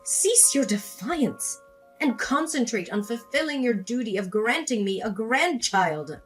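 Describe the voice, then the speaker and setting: A woman's voice: on the high side, animated, a little slow. An actress playing a pushy, superstitious mother-in-law, scolding and commanding, over faint music.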